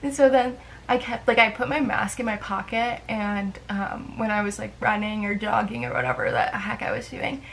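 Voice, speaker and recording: A woman's voice: mid-range voice, moderate pace, fairly bright tone, slight background noise, rough recording. A young woman chatting casually to camera in a rambling, self-deprecating way, with lots of fillers. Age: young adult. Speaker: vlogger.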